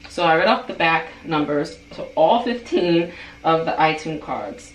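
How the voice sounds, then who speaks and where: Chatty woman vlogger in an echoey room. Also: unhurried. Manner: animated, rising to high-pitched outbursts when retelling anger; frequent "like" and "um" fillers. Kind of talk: casual storytelling. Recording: roomy echo, distant mic, faint background hiss.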